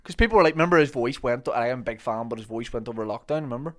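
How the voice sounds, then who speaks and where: A man's voice: mid-range voice, racing, fairly bright tone. A man, a guest on a podcast, chatting casually about gigs and restarting his sentences. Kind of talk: casual comedic chat.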